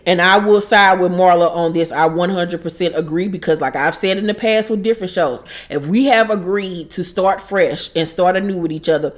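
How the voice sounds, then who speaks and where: A woman giving a casual, profane recap of a reality show, chatting and quoting people in mimicking voices. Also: lowish voice. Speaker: recap commentator.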